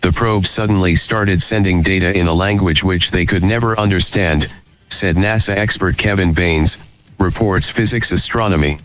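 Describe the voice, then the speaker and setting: A man co-hosting a podcast, reading a news article aloud in a steady manner. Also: sits low, moderate pace.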